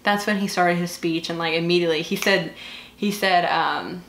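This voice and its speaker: A woman's voice: lowish voice, steady tone, normal speed, a bit bright. A woman in her twenties with a Southern US accent, chatting casually and gushing while doing her makeup, with lots of fillers. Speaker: beauty vlogger. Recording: echoey room.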